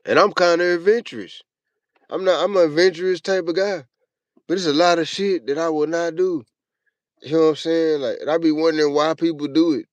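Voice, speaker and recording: A man hosting a show, telling a long, profane personal story in a casual, animated way. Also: fairly high pitch, a little fast, no room sound, highs cut off. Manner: profane, animated, acts out his own panicked yelling. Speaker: show host.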